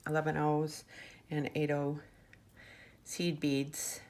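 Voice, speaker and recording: A woman's voice: sits low, completely flat delivery, slow, darkish tone. A woman showing off her handmade jewelry in a casual vlog, chatty and gushing, with fillers and restarts. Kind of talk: casual show-and-tell vlog. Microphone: camera mic on a tabletop.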